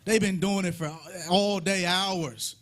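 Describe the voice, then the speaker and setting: A man's voice: sits high, fairly even intonation, takes it slowly, a bit bright. A man leading a live Bible study, retelling scripture in a folksy, humorous way with playful mockery.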